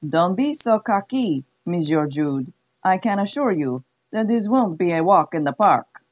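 A woman's voice: lowish voice, expressive, a little slow, darkish tone, muffled recording. A woman voicing a haughty middle-aged French-Canadian brothel madam with a put-on French accent, cool and commanding. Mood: cold.

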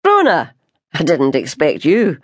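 A woman's voice: measured pace, slightly rough, dry recording, exaggerated voice. A woman doing a weary Scottish baker man. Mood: tired. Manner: low, calm and curt. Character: weary, patient middle-aged Scottish male baker.

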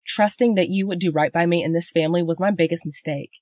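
A woman's voice: fairly low pitch, fast, a little mellow, dry recording, close to an everyday voice. A woman voicing a betrayed, furious wife. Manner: heated, raising her voice in anger.

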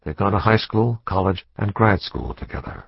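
A man with a very low, gravelly, husky voice narrates a suspense novel in a measured, dramatic manner. The studio recording is dry and somewhat dull. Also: sing-song, no room sound. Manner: measured, dramatic thriller reading. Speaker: audiobook narrator. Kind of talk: scripted narration.

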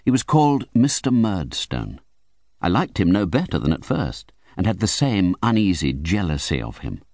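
A man's voice: deep voice, sing-song, normal speed, a little mellow, no echo. A man narrating a classic novel as an audiobook with vivid, theatrical storytelling. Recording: dry close studio recording.

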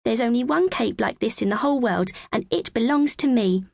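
A proud, possessive young boy, as a woman reading the story puts him on, pitched a little above her own voice and quick to turn indignant. The storybook reading is close and dry. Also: vocal fry, a little mellow, no echo. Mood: smug. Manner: indignant, eager.

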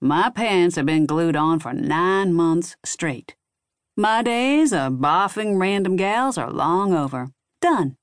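A woman voicing a crude, gruff male werewolf sheriff who growls and drawls his lines slowly. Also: high-pitched, expressive, dry recording, clean studio sound.

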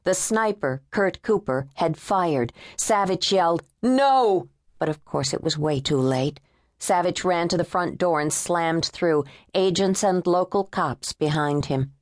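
A woman narrating an unabridged thriller audiobook in a measured, tense storytelling manner. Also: low voice, no echo, clean studio sound. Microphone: close studio mic.

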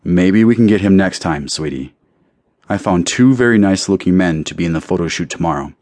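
A man's voice: low-pitched, expressive, brisk, darkish tone, no echo. A male narrator voicing an exasperated, weary middle-aged manager in an audiobook. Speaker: audiobook character. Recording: dry close studio recording.

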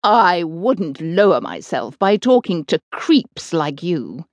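A woman's voice: on the low side, sing-song, slow, no room sound. A woman voicing a fierce, bossy old witch who hurls scornful insults, in a close dry studio recording.

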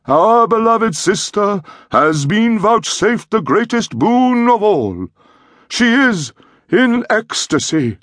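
A man voicing a grandiose male cult priest who intones slowly in a ringing voice. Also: high-pitched, a bit bright, dry recording, clean studio sound, voice pushed up, exaggerated voice. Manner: slow, ringing incantation.

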